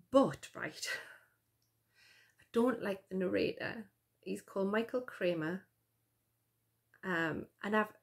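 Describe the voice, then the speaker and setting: A woman chats to her camera about her reading, rambling along with plenty of ums and restarts. Her mid-pitched voice has a steady gravelly fry running through it. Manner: chatty, rambling, with many fillers and restarts. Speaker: vlogger. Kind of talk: casual chat to camera. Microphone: camera mic.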